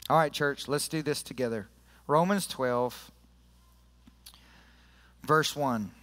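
A man's voice: medium pitch, slow pace, fairly bright tone, big-room sound. A man preaching a sermon to his church in an earnest, conversational way, leading prayer and scripture reading. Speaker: pastor. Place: church sanctuary.

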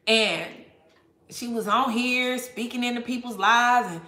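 A woman's voice: fairly high pitch, unhurried, bright, forceful tone, echoey room. A woman tarot reader talking casually to viewers, blunt and profane, laughing often. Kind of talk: casual tarot reading livestream rant.

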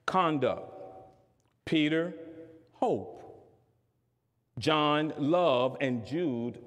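Slow, deliberate preaching bishop in a reverberant church. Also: male voice, fairly high pitch. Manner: measured delivery that swells to forceful emphasis on key words. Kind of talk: sermon. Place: church sanctuary.

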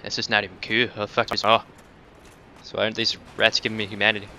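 A man doing casual let's-play commentary, cursing and taunting enemies, dropping to mutters and then breaking into loud outbursts. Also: lowish voice, little pitch movement, fast talker, slight background noise. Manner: profane, talks back to enemies, swings between mutters and outbursts. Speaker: gameplay commentator.

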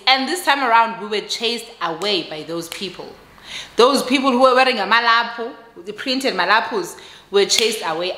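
A woman with a South African accent telling a personal story in a casual vlog, expressive and mixing English with Xhosa. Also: medium pitch, reverberant. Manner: expressive, switches between English and Xhosa, laughs at herself.

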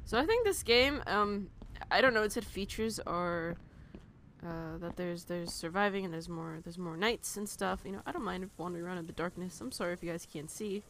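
A woman's voice: fairly low pitch, a little fast, a bit bright, a little hiss or hum. A young woman giving commentary while she plays a horror game, nervous and jumpy, with bursts of laughter and swearing when something frightens her. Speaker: let's play gamer.

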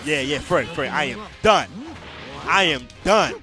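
A man commentating on a tournament stream, telling stories in an animated, exclaiming way. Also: a little high, measured pace. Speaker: esports commentator. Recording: music behind commentary. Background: music.

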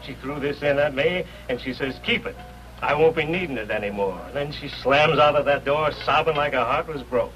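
Man playing a folksy old doorman, fairly high, bright voice, faint music under it. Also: moderate pace, highs cut off, lightly acted. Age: older. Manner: slangy, folksy talk. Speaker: doorman at a rehearsal hall. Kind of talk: 1950s TV drama acting. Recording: 1950s TV soundtrack with faint music.

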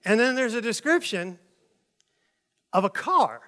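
Man, middle-aged, preacher, sermon, high voice, bright tone, animated storytelling. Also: a little slow. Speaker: pastor.

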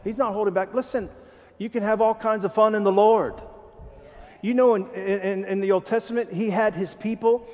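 A man pastor preaching a sermon in a church, animated and joking, asking the congregation questions. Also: high-pitched, normal speed, big-room sound. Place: church sanctuary.

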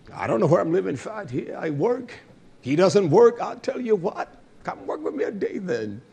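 High-pitched guy preaching hard, scolds the crowd, goes loud then drops real low. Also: breathy edge. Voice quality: swings between loud bursts and low murmurs. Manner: fervent, scolding, calls out hallelujah. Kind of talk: sermon.

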